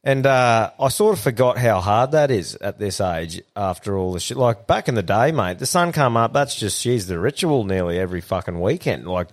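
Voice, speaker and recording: A man's voice: lowish voice, lively intonation, moderate pace, hardly any pauses. An Australian man in his thirties co-hosting a podcast, swearing and laughing as he tells stories. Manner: laid-back, swears a lot, laughs often. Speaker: podcast co-host. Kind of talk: casual chat.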